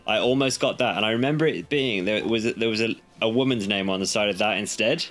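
A laid-back man from the UK with a fairly low voice co-hosts a relaxed podcast. He talks in an amused, self-deprecating way. Faint music sits underneath. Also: quick pace. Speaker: podcast co-host. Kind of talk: casual chat.

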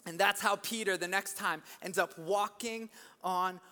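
A man preaching an energetic sermon, telling the story with animated delivery that climbs into shouts. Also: sits high, a little slow. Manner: animated storytelling, acts out voices, rising to shouts. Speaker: pastor. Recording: long hall reverb.

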